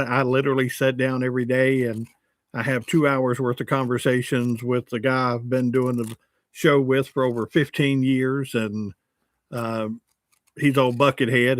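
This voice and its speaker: Chatty old radio guy in his sixties hosting a live chat, cracking jokes on himself, dry close sound, medium pitch. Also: no room sound. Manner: joking, chatty and self-mocking. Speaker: livestream host and radio host. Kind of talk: casual livestream chat reading comments.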